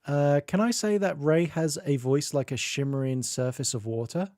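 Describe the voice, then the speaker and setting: A man's voice: a little high, normal speed, a little mellow, no echo, studio quality. A man streaming and chatting casually, reading chat aloud and laughing often.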